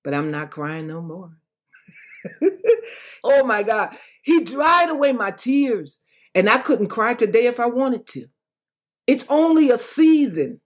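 A woman's voice: a little high, very animated, a little slow. A woman evangelist speaks as a guest with fervent conviction. Her delivery has a preacher-like rhythm, and she repeats her phrases for effect. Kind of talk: impassioned personal testimony.

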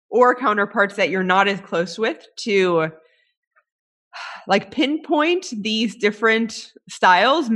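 A woman's voice: mid-range voice, fairly bright tone. Woman, podcast host, mid-range voice, thoughtful and searching in her phrasing. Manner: reflective, thinking aloud, frequent restarts. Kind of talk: casual interview chat.

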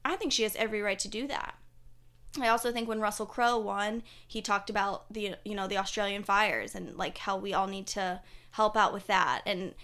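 A young woman hosting a podcast with a partner, chatting casually about pop culture. Her voice sits at a medium pitch and she talks in a lively, rambling way, full of "like" and "um". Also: normal speed. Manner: chatty, animated, many fillers and laughs. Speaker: podcast co-host.

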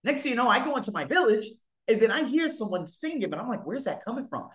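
A man telling stories to his viewers in a casual monologue, swearing freely and swinging widely in pitch and loudness. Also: quick pace. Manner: profane, animated, big swings in pitch and loudness. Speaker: vlogger. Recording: echoey room.

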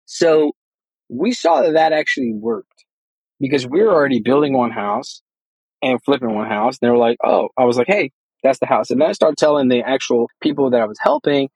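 Husky man telling his story casually. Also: medium pitch, brisk, no room sound, low-quality recording. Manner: rambling, animated, acts out quoted dialogue. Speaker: guest, real estate investor.

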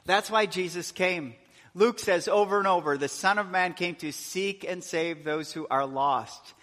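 A man's voice: high-pitched, measured pace, fairly bright tone. A male pastor preaching a sermon, earnest, with rising and falling emphasis. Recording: long hall reverb.

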